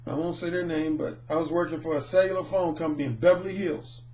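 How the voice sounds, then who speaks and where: A middle-aged man, a dating coach, telling a personal anecdote in an animated, storytelling way. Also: fairly high pitch, fast talker, a little hiss or hum. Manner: animated, acts out the people in his anecdotes. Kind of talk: storytelling monologue.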